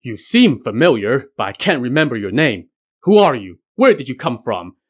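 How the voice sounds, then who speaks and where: Storybook villain: a blustering demon king, quick to rage, as a narrator puts him on, voice swinging widely. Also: medium pitch, big pitch swings. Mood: indignant. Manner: blustering, raised voice. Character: hot-tempered male demon king.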